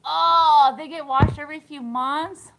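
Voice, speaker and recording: A woman's voice: medium pitch, lively intonation, measured pace, fairly bright tone, poor audio. A woman in her thirties chatting casually on a live stream, giggling often and answering viewer comments. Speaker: thrift vlogger.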